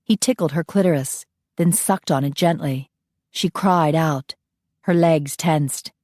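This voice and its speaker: Low-voiced woman narrating an audiobook. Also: unhurried, mellow, no room sound, studio quality.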